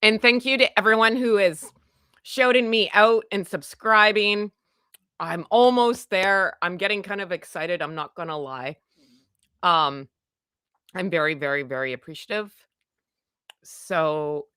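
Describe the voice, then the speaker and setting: A loud, chatty woman from Canada hosts a casual home livestream, greeting her viewers one by one and poking fun at herself. Her voice is bright and forward. The sound is dry and close to the mic. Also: fairly low pitch, clean tone, no room sound. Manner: chatty, greets viewers by name, self-deprecating. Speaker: livestream host. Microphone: desk microphone.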